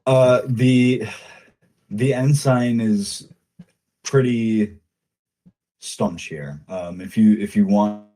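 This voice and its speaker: A man's voice: lowish voice, extremely slow, long pauses, warm tone. Laid-back man narrating as game master.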